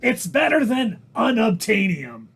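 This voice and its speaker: A man putting on a shrill, grating impression of a middle-aged male comedian, whining and drawn out, while co-hosting a livestream chat. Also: wildly swooping pitch, a bit bright, slight background noise, heavily acted. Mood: snarky. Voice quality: screechy, raspy and strained. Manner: exaggerated comic whine, drawn-out delivery. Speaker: co-host.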